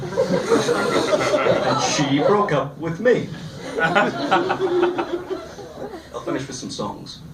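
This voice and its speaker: An eighteen-year-old man doing a stand-up comedy set on a club stage, delivering deadpan one-liners with pauses. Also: medium pitch, noisy background. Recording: roomy live club sound from a distance.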